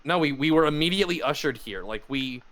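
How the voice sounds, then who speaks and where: A man playing a tabletop game, talking in an excitable way with stammering restarts. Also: on the high side, fast, a crowd in the background. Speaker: player.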